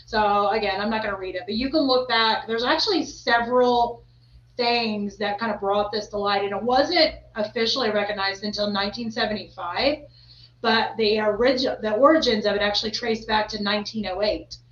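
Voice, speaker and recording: A woman's voice: mid-range voice, steady tone, normal speed, a bit bright. A woman hosting a podcast in casual chat, talking in a rambling, chatty way full of fillers. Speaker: podcast host. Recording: roomy, slightly dull recording.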